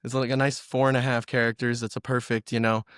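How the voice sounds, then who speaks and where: A man talks on a podcast in a loose, rambling way, swearing as he goes. His voice sits at a middling pitch. It is recorded close and dry. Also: little pitch movement, quick pace, a bit bright, clear, resonant tone, no room sound. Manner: rambling, loose, swearing, drifts into silly bits. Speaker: podcast co-host. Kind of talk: casual chat.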